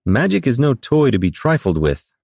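A man's voice: medium pitch, sing-song, normal speed, vocal fry, a little mellow, no room sound, clean studio sound, pitched above the performer's own voice. A man voicing a thin, bookish young male wizard who speaks in formal, old-fashioned diction. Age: young adult.

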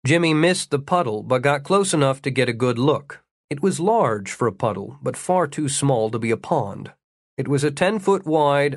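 A man reading an audiobook, telling an adventure story in a measured way with dry humor. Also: mid-range voice, no room sound. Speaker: narrator. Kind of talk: audiobook narration.

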